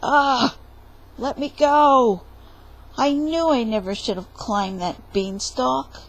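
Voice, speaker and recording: Cheeky complaining young man from a storybook, lively up-and-down voice, played by a woman. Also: on the high side, unhurried, low-quality recording. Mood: pleading. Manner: whiny, sassy, talks back.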